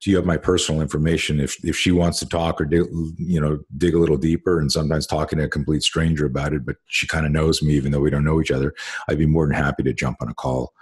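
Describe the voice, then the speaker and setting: A man's voice: rumbling low, flat delivery, quick pace, breathy edge. A middle-aged man hosting a casual conversation, telling rambling stories full of fillers and restarts and swearing casually. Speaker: host.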